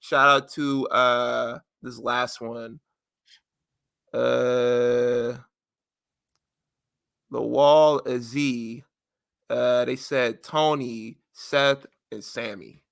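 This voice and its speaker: A man's voice: mid-range voice, steady tone, extremely slow, creaky, long pauses, fairly bright tone, no room sound, clean studio sound. A man co-hosting a podcast in casual chat, joking loosely as he reads out listener answers. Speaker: podcast co-host.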